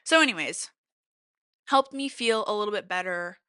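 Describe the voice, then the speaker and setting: Bright-voiced young woman telling a story. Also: expressive, normal speed, smooth, no room sound, studio quality. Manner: chatty, leans on fillers and "like"; acts out quotes with big pitch jumps. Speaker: podcast host. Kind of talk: casual storytelling chat.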